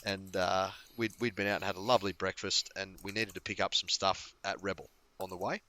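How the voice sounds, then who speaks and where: A man's voice: deep voice, level tone, fairly quick, sharp tone. A man co-hosting a sports podcast, telling a casual story and laughing often. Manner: storytelling, laughing, swearing freely. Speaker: podcast co-host. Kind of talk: casual chat.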